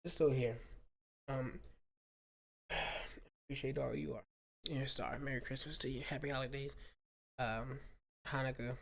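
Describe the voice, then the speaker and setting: A woman's voice: extremely low pitch, fairly even intonation, measured pace, gravelly, long pauses, a little hiss or hum. A woman vlogger at home, rambling casually into a proper microphone and talking straight to her viewers. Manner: chatty, digressive, talks straight to viewers. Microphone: studio microphone.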